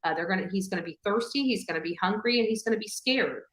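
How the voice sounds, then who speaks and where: A woman hosting a true-crime video, rambling with halting fillers and restarts. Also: medium pitch, a bit bright, roomy sound, low-quality recording. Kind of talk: rambling livestream commentary.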